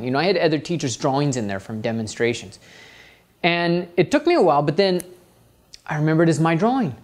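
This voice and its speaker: A man's voice: a little high, fast talker. A middle-aged man who teaches art, telling a personal story and acting out his own inner voice. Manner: animated, acts out his inner voice.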